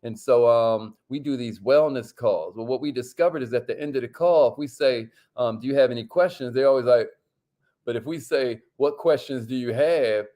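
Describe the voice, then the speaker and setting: A man hosting a casual livestream, lively and slangy, calling out to viewers and sometimes dropping his voice low to make a point. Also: moderate pace. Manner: lively, hypes up viewers and reads their comments; drops to a near whisper to make a point. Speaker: host.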